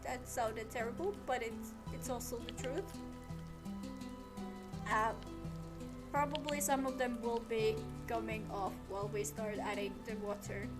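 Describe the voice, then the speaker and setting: A woman with a high voice comments casually on her gameplay at an unhurried pace. She grows exasperated and scolds the game, repeating herself. Game music plays clearly underneath. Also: steady tone. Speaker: streamer.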